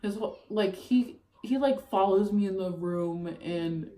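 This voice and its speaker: A woman's voice: medium pitch, a little slow, mellow. A young woman telling a heated personal breakup story as a vlogger, profane and full of "like". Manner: heated, profane, filler-heavy retelling. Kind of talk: casual storytime. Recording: roomy echo, faint ambient noise.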